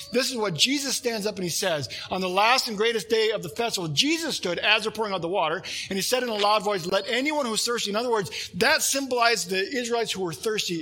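Husky bright-voiced male preacher. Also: sits high. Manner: earnest preaching, reads scripture aloud, asks listeners questions. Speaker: pastor. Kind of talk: sermon.

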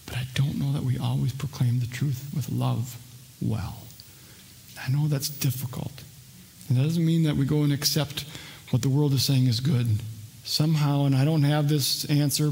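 A male pastor preaching a sermon, earnest, swinging between raised intensity and a hushed, soft delivery. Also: medium pitch. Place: church sanctuary.

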